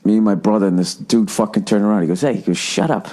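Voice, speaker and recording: A man's voice: lowish voice, fairly even intonation, rapid-fire, dark tone. A man in his forties hosting a solo podcast, ranting in a rambling, profane way and mocking people with put-on voices. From United States. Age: 40s. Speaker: podcast host.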